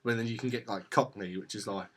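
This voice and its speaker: A man's voice: on the low side, fairly even intonation, fast talker, fairly bright tone, slight background noise. A young man from Essex with an Essex English accent, rambling and laughing through a casual vlog chat as co-host. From Essex, England. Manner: rambling, laughs often, trails off.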